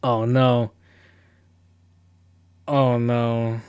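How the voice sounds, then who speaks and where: A man's voice: medium pitch, level tone, extremely slow, a little mellow, clean tone, no room sound, studio quality. A young man on a live stream, chatting casually and rambling in a laid-back, slangy, self-mocking way as he reads quiz questions aloud.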